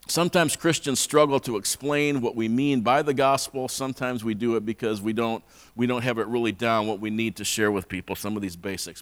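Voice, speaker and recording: A man preaching a conversational sermon in a church, often repeating words as he restarts. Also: mid-range voice. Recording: long hall reverb.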